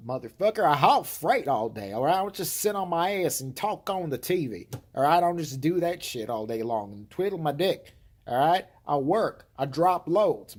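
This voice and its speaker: A man's voice: fairly high pitch, a little mellow. A man putting on his crude, foul-mouthed redneck trucker brother in a comic impression, blustering and scolding with nonstop profanity.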